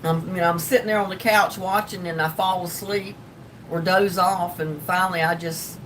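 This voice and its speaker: A woman's voice: steady tone, moderate pace. An older woman with a North Carolina Southern drawl, chatting casually and rambling on her livestream as she answers viewers. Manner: rambling, folksy, with frequent ums and laughs. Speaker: livestream host. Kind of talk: casual livestream chat reading comments. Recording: distant mic with faint rumble.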